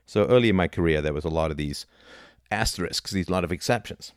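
A middle-aged man talking casually about philosophy, animated, dipping into mocking impressions. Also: low voice, fast talker, smooth, no echo, clean studio sound. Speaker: podcast host.

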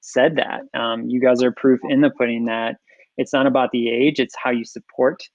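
Gravelly man, dull dry recording. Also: mid-range voice, fairly even intonation, normal speed, no echo. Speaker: podcast host. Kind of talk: podcast conversation.

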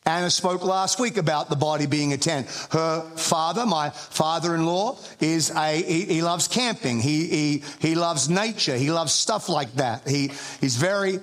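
A man's voice: a little high, unhurried, fairly bright tone. A man preaching a sermon as pastor, telling jokey family stories with frequent restarts and building emphasis when quoting scripture. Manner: humorous storytelling with frequent restarts.

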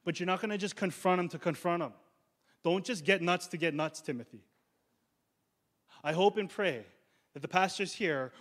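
A man's voice: fairly high pitch, fairly bright tone. Male pastor, conversational sermon, drags out key words for punch. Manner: conversational preaching, slows down for emphasis.

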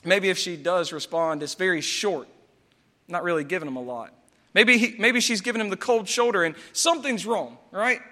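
A man preaching a sermon as pastor, lively and animated, acting out quoted pleas in a raised voice. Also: sits high, moderate pace, long reverb tail.

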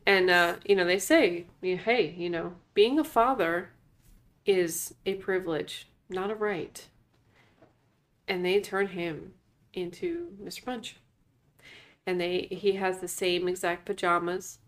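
Female podcast co-host, slightly low voice, emphatic and chatty while recapping a film. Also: slow pace. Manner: emphatic, agreeing and filling in plot details. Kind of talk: casual movie recap chat.

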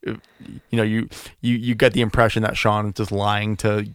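A man's voice: fairly low pitch, flat delivery, moderate pace, clean tone, dry recording, clean studio sound. A man co-hosting a podcast, casually recounting movie scenes in an easygoing way. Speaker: podcast co-host.

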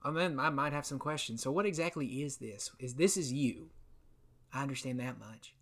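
A man's voice: medium pitch, moderate pace, a bit bright. Curious joking male tabletop player. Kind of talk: casual tabletop role-play.

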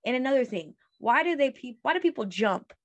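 A woman's voice: sits high, fairly quick. Ranting young woman podcaster. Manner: rambling, animated ranting with quoted voices. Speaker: podcast co-host. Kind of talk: casual chat.

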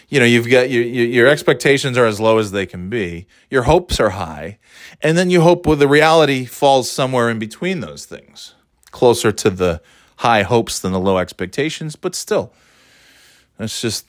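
A man's voice: mid-range voice, dry recording, studio quality. A man hosting a solo podcast, rambling in a sarcastic, profane way while talking into his phone as he walks. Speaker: podcast host. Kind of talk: casual solo podcast monologue. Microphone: phone held while walking.

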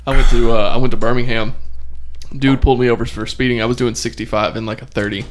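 A man's voice: medium pitch, level tone, fast talker, slight background noise. A man co-hosting a podcast, telling stories casually with many fillers. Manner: rambling storyteller, many "uh" fillers. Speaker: podcast co-host. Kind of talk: casual chat.

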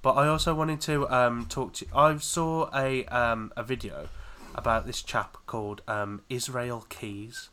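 A man's voice: medium pitch, steady tone, a little slow, bright, forceful tone, a little hiss or hum. A young man co-hosting a podcast, retelling things he saw online in a rambling, casual way with frequent laughs. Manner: chatty storyteller, trailing fillers, bursts of laughter. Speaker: podcast co-host. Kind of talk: casual chat.

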